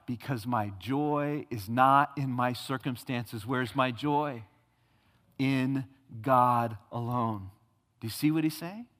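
A man's voice: mid-range voice, slow, fairly bright tone. A male pastor preaching a sermon with emphatic repetition and rhetorical questions, recorded in a church sanctuary. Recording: long hall reverb.

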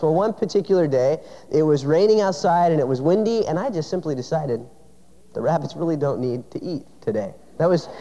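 A man's voice: a little high, mellow. A man preaching a sermon, telling a personal story in a conversational way with rhetorical questions. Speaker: pastor. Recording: dull sound with long hall reverb.

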